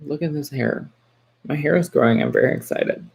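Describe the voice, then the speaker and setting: A woman's voice: deep voice, normal speed, creaky, a little mellow, breathy edge. A woman in her forties from Texas, hosting a casual livestream and chatting to viewers. She greets them by name and answers in a reassuring, rambling way, full of fillers and restarts. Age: 40s. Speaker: livestream host.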